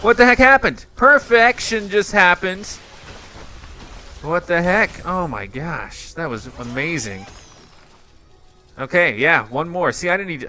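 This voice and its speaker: A man, a YouTuber, giving excited commentary as he plays a game and often yells at it. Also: medium pitch. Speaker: YouTuber reacting to videos.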